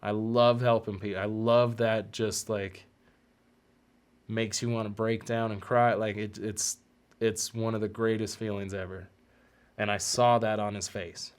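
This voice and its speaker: A man hosting a podcast, speaking earnestly and emotionally in a heartfelt personal monologue, his voice softening and catching at times. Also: fairly low pitch, flat delivery, measured pace, smooth. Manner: earnest and emotional, often choked up. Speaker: podcast host.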